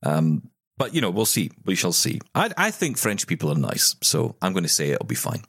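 A man co-hosting a casual podcast, low-pitched but swinging widely in pitch as he insists on his point. He stammers through restarts, heard dry and close. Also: moderate pace, no room sound. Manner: insistent, animated, repeats himself with stammered restarts. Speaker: podcast co-host. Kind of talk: casual chat.

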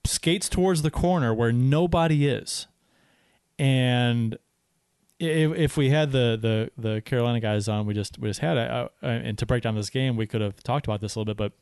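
A man's voice: mid-range voice, a little mellow, no echo, clean studio sound. A man co-hosting a casual hockey podcast, rambling with many restarts. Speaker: podcast co-host.

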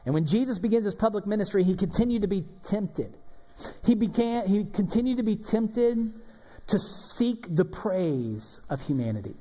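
A man preaching a sermon as pastor, animated and emphatic, acting out the people in the passage. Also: high voice, normal speed. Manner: animated, emphatic preaching with dramatic quoted voices. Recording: long hall reverb.

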